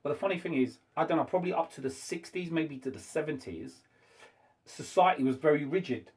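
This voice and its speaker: A man hosting a casual debate, talking haltingly with frequent restarts and fillers. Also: on the high side, lively intonation, a little mellow. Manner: hesitant, halting speech with many restarts.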